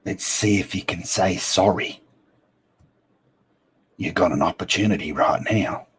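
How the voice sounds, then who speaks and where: A man's voice: sits low, unhurried, a bit bright, husky. A man hosting a casual live stream, reading out viewer comments in a playful, teasing way. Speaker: livestream host.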